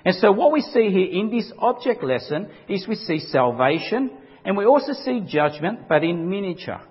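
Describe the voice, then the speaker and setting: A man's voice: sits high, sing-song, moderate pace, breathy edge. A man preaching an emphatic sermon, acting out quotes dramatically as a pastor. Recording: dull lo-fi recording with long hall reverb.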